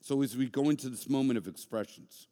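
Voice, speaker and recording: A man preaching a sermon as a pastor, animated and conversational, with joking asides. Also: medium pitch, brisk, long reverb tail. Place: church sanctuary.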